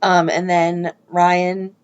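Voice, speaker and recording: A woman's voice: fairly low pitch, monotone, drawn-out words, clear, resonant tone. A woman co-hosting a fan podcast, chatting casually as she retells the plot step by step. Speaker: podcast co-host. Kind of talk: casual recap chat. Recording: dull lo-fi podcast audio.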